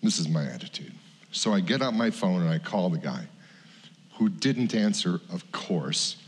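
A middle-aged man preaching in a church, telling a personal story in a conversational, animated way. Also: low voice, normal speed. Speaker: pastor. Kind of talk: sermon storytelling. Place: church sanctuary. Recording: church hall reverb.

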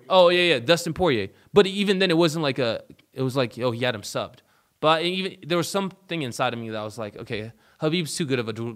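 Animated man talking fight sports. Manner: animated, profane, swings from loud outbursts to low asides. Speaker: show host. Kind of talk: casual sports commentary.

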